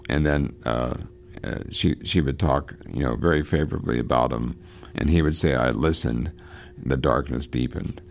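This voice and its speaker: Here a gravelly, bass-voiced man hosts a literary radio show. He reads novel excerpts aloud and comments on them in a hesitant way, full of fillers and restarts.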